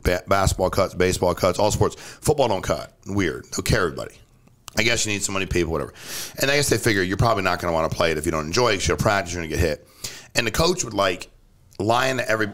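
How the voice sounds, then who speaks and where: A man in casual conversation as a podcast guest, blunt and direct, telling stories and pushing his point hard. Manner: blunt, animated, jumps pitch for emphasis. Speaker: company CEO, podcast guest. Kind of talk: casual storytelling chat.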